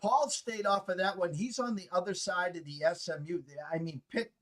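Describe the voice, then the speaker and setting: Laid-back host guy, kinda high voice, chatting betting picks. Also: normal speed, a bit bright. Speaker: show host. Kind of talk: casual sports betting chat.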